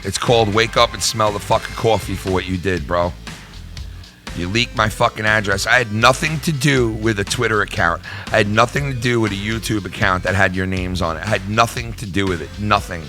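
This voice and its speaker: Middle aged guy ranting at his viewers, swears a lot, repeats himself, sharp bright voice. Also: lowish voice, brisk, soft background music. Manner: heated, profane, repeats himself. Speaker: YouTube channel host. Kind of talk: vlog rant to viewers.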